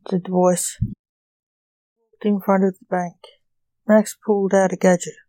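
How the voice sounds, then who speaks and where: A woman reading her short story aloud, slow and deliberate. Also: medium pitch, level tone, warm tone.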